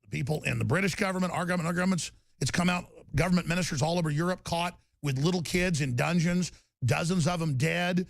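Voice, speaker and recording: A man hosting a radio talk show, delivering an intense, stammering rant that bursts into shouting. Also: on the high side, fast, vocal fry, no room sound.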